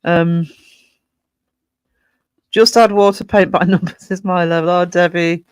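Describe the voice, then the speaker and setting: High-voiced man hosting a livestream. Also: steady tone, a little slow, clean tone, no room sound. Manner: chatty, reads viewer comments aloud and greets them. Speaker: livestream host. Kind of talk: casual chat.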